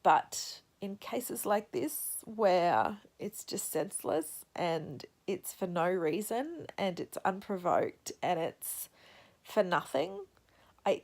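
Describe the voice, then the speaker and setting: A young woman chats casually about her reading, thoughtful and halting as she works through her reactions. Her voice carries a gravelly fry and she sounds teary after crying. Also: on the low side. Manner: reflective, soft-spoken, halting. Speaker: book vlogger.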